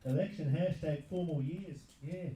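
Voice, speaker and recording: A man from New Zealand doing stand-up, firing off deadpan one-liners. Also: a little high, normal speed, recorded from a distance, a little hiss or hum. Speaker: stand-up comedian. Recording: echoey room.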